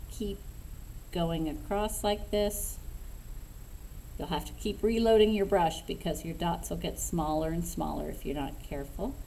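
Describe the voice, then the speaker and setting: Woman craft instructor, lower voice, casual step-by-step talk, faint hum in the room. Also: low-quality recording. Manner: relaxed, unhurried, thinking aloud with fillers. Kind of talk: step-by-step painting tutorial.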